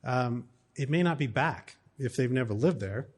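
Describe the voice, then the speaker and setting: A middle-aged American man speaks to an audience about his family, telling stories in an easy, conversational way. He fills his sentences with ums and small restarts as he goes. His voice sits at an ordinary middle pitch for a man. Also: animated, normal speed. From United States. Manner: conversational, storytelling with fillers. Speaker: speaker on cross-cultural family life. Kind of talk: talk to an audience.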